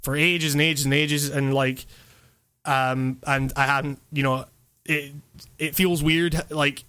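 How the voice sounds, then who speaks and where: Bright-voiced man in rambling chat. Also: on the high side, slow pace, smooth. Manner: rambling, lots of fillers and swearing; animated, laughing. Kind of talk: casual chat.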